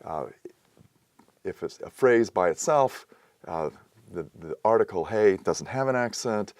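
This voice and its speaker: Low-voiced man teaching slowly. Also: expressive, a little mellow, no room sound. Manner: measured, explanatory, with frequent "uh" pauses. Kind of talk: recorded lecture.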